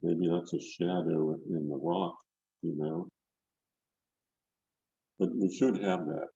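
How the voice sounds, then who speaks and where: Gravelly, deep older male painting teacher. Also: fairly even intonation, slow, mellow, no room sound, muffled recording. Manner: rambling, repeats words while working. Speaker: painting instructor. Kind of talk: live painting demonstration. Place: indoor studio, online video session. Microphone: video call mic.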